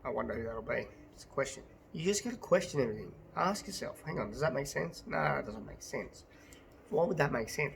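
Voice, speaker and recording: A man's voice: on the high side, a little hiss or hum. An Australian man, a business owner, ranting to his phone camera in a passionate, blunt way, swearing and repeating himself. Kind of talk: casual to-camera rant.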